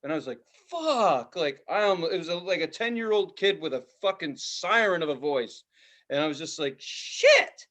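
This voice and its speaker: Bright-voiced man telling a story, cursing. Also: on the high side, a little fast. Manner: profane, animated storyteller, bursts into loud shouts. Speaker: podcast co-host. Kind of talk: casual storytelling chat.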